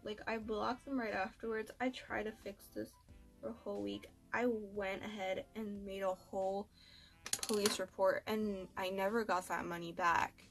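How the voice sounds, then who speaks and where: A young woman vlogging in a loose storytime ramble, slangy and peppered with swearing. Her mid-pitched voice has a gravelly fry, and soft music plays faintly underneath. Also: little pitch movement, moderate pace. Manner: slangy, swears, many likes. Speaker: beauty vlogger. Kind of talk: casual storytime chat.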